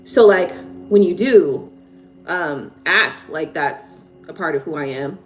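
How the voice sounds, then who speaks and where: A woman's voice: low-pitched, takes it slowly, soft background music. A woman hosting a live tarot stream, venting heatedly in casual talk, swearing and repeating herself.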